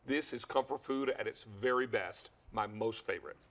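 A man's voice: medium pitch, moderate pace, fairly bright tone. A man with a Southern American accent hosting a home shopping show, enthusiastic and folksy, telling stories as he sells. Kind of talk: upbeat home shopping presentation.

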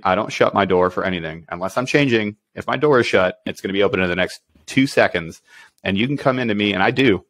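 A man's voice: sits low, a bit bright, no room sound. A man co-hosting a podcast as a special warfare operations superintendent, talking bluntly and acting out quoted exchanges. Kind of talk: casual podcast chat.

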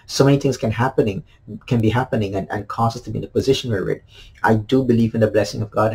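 A pastor delivers a home devotional in a low, slightly husky voice. He talks earnestly and informally, repeating his main lines for emphasis. Fillers and small restarts run through his preaching. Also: darkish tone, rough recording. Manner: earnest, repeats key phrases, many fillers. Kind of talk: devotional sermon.

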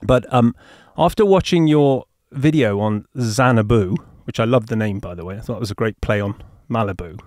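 A man's voice: fairly low pitch, normal speed, hardly any pauses, darkish tone, no echo, studio quality. A man with an English accent hosting a podcast interview, chatty and jokey, often laughing. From England. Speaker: podcast host.

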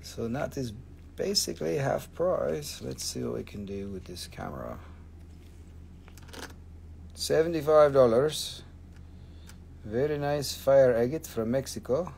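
A man's voice: mid-range voice, expressive, a little slow, gravelly, long pauses, a little mellow. Middle-aged male host for a live shop sale: casual, profane, rambling, faint room noise. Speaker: host selling rocks and minerals on a livestream. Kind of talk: casual live sales chat. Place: family-owned rock and mineral shop.

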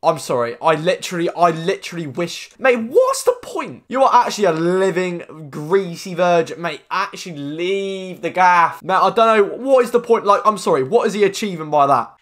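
A young man commenting on his own football video game match, muttering complaints and then shouting at big moments. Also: high-pitched, normal speed, few pauses. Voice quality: expressive, with slang and swearing. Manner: swings from mumbled grumbling to screaming at the game. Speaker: gaming commentator.

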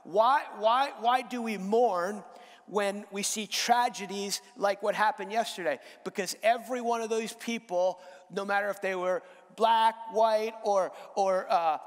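A man delivers a sermon with a strikingly high voice, his words ringing out with the long reverb of a large church hall. He builds from measured, low-key statements to loud, emphatic repetition, stumbling and restarting as he presses each point. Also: fairly even intonation. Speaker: guest preacher. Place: church sanctuary.

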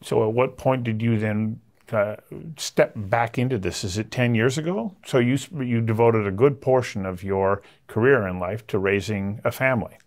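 Low-voiced male interviewer, thoughtful. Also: normal speed. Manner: thoughtful, probing questions. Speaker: interviewer, host. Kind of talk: interview questions.

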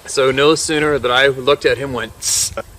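A hunting guide with a mid-range voice, speaking at a moderate pace, tells a tense story about a grizzly. He's casual and animated, laughing often and acting out the scene.

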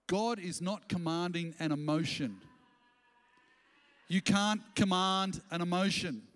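A man delivers a sermon as pastor, his voice pitched high for a man. He preaches with animation and now and then acts out quoted lines in voices. The long reverb of a church auditorium trails after his words. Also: lively intonation, slow pace, fairly bright tone.

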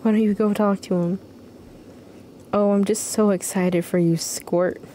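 A woman voicing a kindly, motherly village woman in a video game, speaking softly and drawing out her words. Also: medium pitch, fairly even intonation, unhurried, a little hiss or hum, lightly acted.

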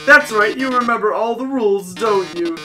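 A man's voice: high voice, normal speed, sharp tone, pitched above the performer's own voice. A man voicing a flamboyant male robot TV host from a video game, melodramatic and gloating, with game music behind. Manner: melodramatic, mock-tragic, gloating. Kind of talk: reading game dialogue aloud in a voice.

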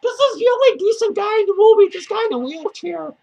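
This comic movie review rant features a man voicing a lonely woman clown with a filthy mouth. His exaggerated voice is very high, gravelly and a little mellow, and he talks fast and expressively, swearing irritably and laughing between lines.

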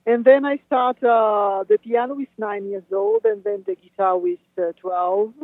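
Woman, halting speech with restarts and laughs, dry tinny phone line. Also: on the high side, animated, gravelly, no room sound. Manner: halting, restarts often, laughs between phrases. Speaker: guest musician. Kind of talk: casual interview over the phone.

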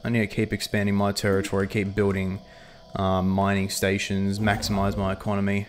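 A man's voice: lowish voice, completely flat delivery, a little fast, a little hiss or hum. A man casually talking through a strategy game on a livestream, thinking aloud with frequent ums and reading chat messages aloud. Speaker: livestream gamer.

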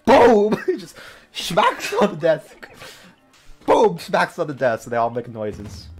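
A young man playing a video game and commenting casually, excitable and laughing often, sometimes reading the game's lines out in silly voices. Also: sits high, measured pace, over music. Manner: excitable, laughs a lot, shouts and mocks game dialogue. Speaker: gaming streamer. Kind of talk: casual let's-play commentary.

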